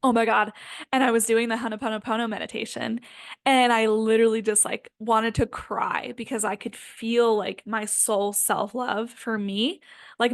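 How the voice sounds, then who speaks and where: Her voice sits fairly high, with no room sound in the recording. A spiritual healing coach in her 20s, she talks earnestly and casually about self-help, leaning heavily on "like" and "um."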